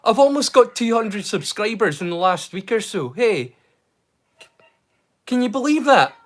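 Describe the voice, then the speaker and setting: Man with a high voice, livestream host; chatty, excitable, stop-start delivery with a hidden stammer. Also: unhurried. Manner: hesitant, many fillers and restarts; mild stammer he keeps hidden. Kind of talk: casual livestream chat.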